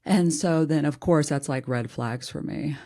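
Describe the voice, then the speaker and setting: A podcast host chatting casually about work, blunt and a little snarky. Their voice sits in an ordinary middle pitch and the delivery keeps a plain, conversational pace. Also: unhurried, a little mellow. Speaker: HR professional.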